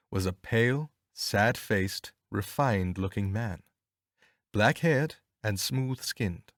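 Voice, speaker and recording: A man narrating a storybook, expressive and measured, letting his pitch rise and fall freely through each sentence. His voice is close and very dry, with no room sound around it. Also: no echo. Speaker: audiobook narrator. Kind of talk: scripted audiobook narration.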